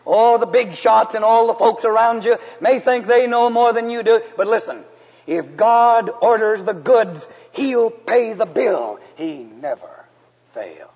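A man from San Antonio, Texas, preaching a storytelling sermon in an earnest way, sometimes dropping to a hush. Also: sits high, lively intonation, unhurried, breathy edge. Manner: earnest narrative preaching, drops to hushed tones for emphasis. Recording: dull, echoey hall recording.

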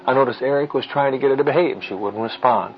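A middle-aged man giving an earnest teaching talk with personal stories, in a measured, firm, fatherly way. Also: medium pitch, lo-fi sound, slight background noise. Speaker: Christian parenting teacher.

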